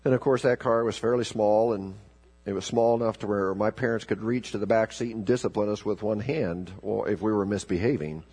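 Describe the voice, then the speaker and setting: Gravelly-voiced preacher telling a story. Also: male voice, lowish voice, a little mellow. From South America. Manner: storytelling with emphatic rises and slow, dropped-voice scripture lines. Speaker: pastor. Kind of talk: sermon.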